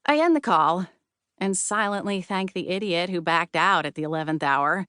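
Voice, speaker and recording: A woman narrating a comic novel in first person, wry and lively, with a knack for playing up punchlines. Her voice is smooth and crisp, recorded dry on a close studio mic. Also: on the low side, moderate pace, no echo. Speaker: audiobook narrator.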